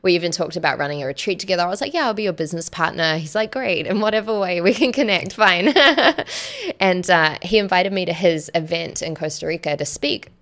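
A woman guest telling a personal story in casual chat, animated, acting out quoted dialogue and laughing often. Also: lowish voice, brisk. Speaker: podcast guest.

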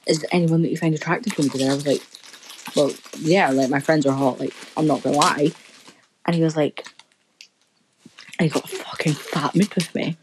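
Young woman, low voice, rambling sweary storytelling, casual podcast chat. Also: steady tone, fairly quick, pauses often, a little hiss or hum, rough recording.

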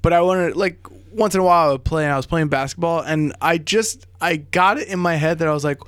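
High-voiced man on a dry close mic. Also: quick pace, few pauses, a bit bright, clean tone, no room sound. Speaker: podcast co-host. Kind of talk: casual comedy chat.

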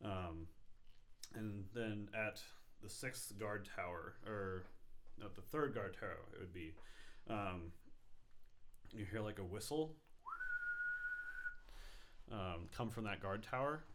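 A man with a lowish voice narrates a tabletop role-playing game as game master. He talks in a halting, casual way and uses many fillers. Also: fairly bright tone.

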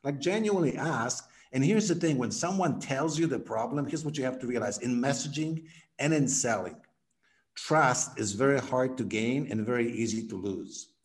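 Animated man coaching on sales. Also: medium pitch, normal speed. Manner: energetic, acts out example dialogues. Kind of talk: podcast interview.

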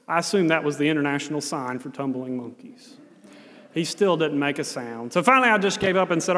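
An American man preaching a sermon, telling a self-mocking story in an animated way. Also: a little high, normal speed, big-room sound.

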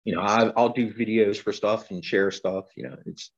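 A man talking as a guest poet in a casual interview, rambling and halting with lots of fillers and restarts. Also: lowish voice, fairly even intonation, slightly rough, muffled recording.

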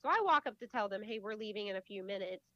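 A woman's voice: mid-range voice, fast talker, dry recording, dull audio. A woman in her thirties co-hosting a casual podcast, telling stories and acting out what people said. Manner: animated storyteller, acts out quotes. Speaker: podcast co-host. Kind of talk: casual chat.

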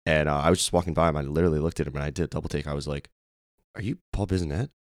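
Young male podcast co-host: hoarse, very low voice, rattles along fast with fillers. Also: no echo, clean studio sound. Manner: rambling, excitable, lots of fillers. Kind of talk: casual sports podcast chat.

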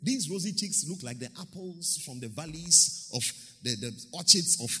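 A male pastor preaching a lively sermon, acting out quotes and pausing for his interpreter. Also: on the high side, husky, big-room sound, faint music behind. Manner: animated preaching, acts out quotes, pauses for interpreter. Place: church hall.

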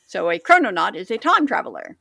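Bright, chatty woman podcast host. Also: medium pitch, wildly swooping pitch, brisk, creaky. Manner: rambling, jokey, stumbles over words. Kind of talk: casual chat.

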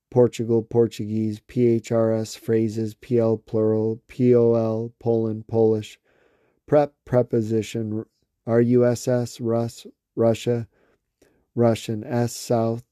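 A man slowly reading a long list of words aloud, one by one, with small slips and restarts. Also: mid-range voice, warm tone, dry recording, clean studio sound. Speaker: reader.

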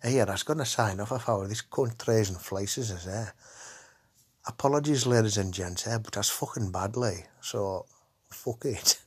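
A man's voice: on the low side, normal speed, slightly rough. A man hosting a podcast in a rambling, crude monologue, swearing constantly and tagging his lines with "eh?". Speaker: podcast host. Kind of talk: casual comedy podcast monologue.

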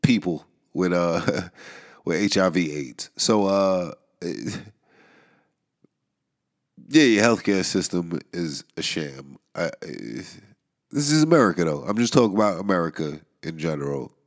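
This is a man with a very low, stuffed-up voice, nasal from a head cold. He hosts his own show in a loose, rambling monologue, wry and quick to chuckle between thoughts. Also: expressive. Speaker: podcast host. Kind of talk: casual monologue. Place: New York area.

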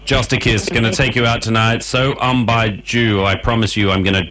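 A man's voice: fairly low pitch, fairly even intonation, fast talker, fairly bright tone. A man with an Australian accent hosting a radio interview, talking in friendly, chatty patter. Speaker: radio host.

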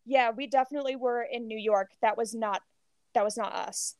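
Woman podcast co-host, high bright-sounding register, dry close sound, breathless gossipy storytelling. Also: normal speed, no room sound. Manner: animated storytelling, heavy filler "like", swears freely. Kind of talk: casual gossip chat.

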